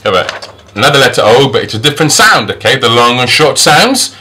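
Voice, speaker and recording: A man teaching English phonics, patiently modeling each sound slowly and with exaggeration. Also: medium pitch, lively intonation, pushed and bright. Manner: slow, exaggerated sound demonstrations; patient, reassuring. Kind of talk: phonics lesson.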